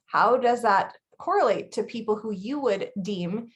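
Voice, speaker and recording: A woman in her thirties co-hosting a casual chat, blunt and chatty with quick laughs. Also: mid-range voice, lively intonation, dull audio. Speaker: podcast co-host.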